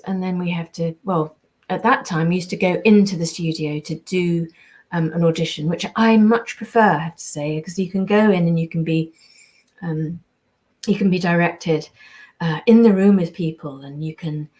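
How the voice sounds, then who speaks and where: Chatty British voice actress on a live stream. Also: female voice, fairly low pitch, darkish tone. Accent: British English. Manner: chatty, reads viewer comments aloud and answers them. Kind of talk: casual live-stream chat.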